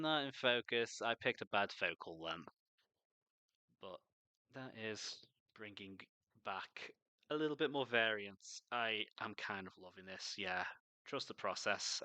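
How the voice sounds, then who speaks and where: Chatty sweary man with a bright voice. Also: fairly low pitch, clear, resonant tone, no echo. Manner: chatty, swears freely, rambles. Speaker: miniature painting streamer. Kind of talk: casual chat while painting.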